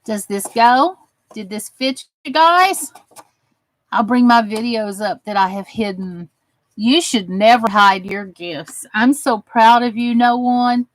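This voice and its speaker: A woman's voice: a little high, dry recording, low-quality recording. Drawling Southern woman crafting and chatting. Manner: chatty, warm-hearted, drawling with folksy phrases. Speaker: craft channel host. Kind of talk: casual livestream chat while crafting.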